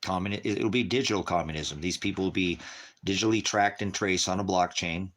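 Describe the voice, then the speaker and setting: A man with a notably deep voice talks loosely on a livestream from home. He rambles from topic to topic, cracks crude jokes, and slips into doting baby talk with his dogs. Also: fairly quick, fairly bright tone. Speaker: livestream host.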